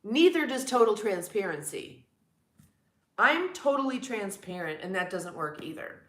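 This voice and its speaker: A woman's voice: medium pitch, very animated, measured pace, a bit bright, reverberant. A woman in her forties with a New York accent, chatting frankly with viewers on her livestream. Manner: chatty, frank, blunt, swears casually. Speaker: livestream host. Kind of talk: casual chat with viewers.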